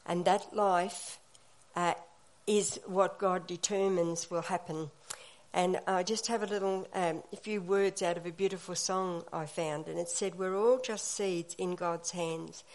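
A woman with a fairly low voice leads a church meeting. She gives an encouraging devotional talk in a gentle way. She often pauses on small fillers. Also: steady tone.

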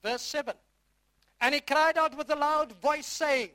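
High-pitched, bright, slow emphatic preacher. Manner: repeats phrases, quizzes the audience with questions; emphatic, stretching key words slowly. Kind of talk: sermon with Bible reading.

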